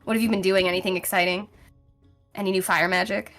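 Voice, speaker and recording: A woman's voice: medium pitch, steady tone, fast, fairly bright tone, soft background music, natural voice. A woman voicing a charming, cocky nineteen-year-old fire mage who talks in a breezy, teasing way in a tabletop game.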